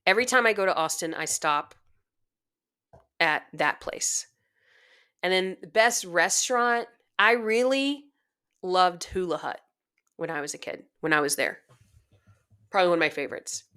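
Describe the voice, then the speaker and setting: A woman guest on a podcast, telling funny, self-deprecating stories in a chatty, casual way. Her voice sits a little low but sounds bright and forceful. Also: lively intonation, moderate pace, pauses often, clean tone. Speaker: guest band director. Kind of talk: casual storytelling.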